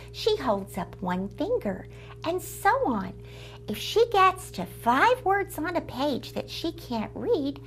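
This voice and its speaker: A woman hosting a children's book club, telling stories to young listeners in an expressive, sing-song way and sometimes dropping to a whisper. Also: sits high, slight background noise. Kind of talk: storytelling to children.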